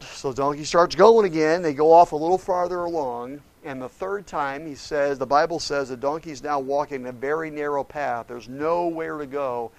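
A man preaching a sermon, retelling a Bible story with lively voices for each character. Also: fairly high pitch, gravelly.

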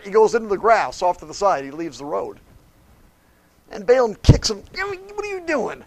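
A man preaching a sermon, retelling a Bible story with lively voices for each character. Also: high voice.

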